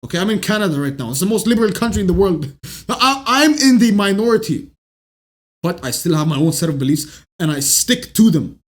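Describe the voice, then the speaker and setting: A man hosting a self-improvement channel, delivering a blunt, profane, opinionated monologue that rises to shouts when heated. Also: high-pitched, very animated, a little fast. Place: Canada.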